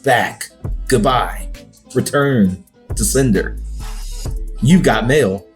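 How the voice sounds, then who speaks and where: A man's voice: medium pitch, slow pace, faint music behind. A man talking as a guest on a sports podcast, in playful, exclamatory banter. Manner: animated and exclamatory, playful swoops.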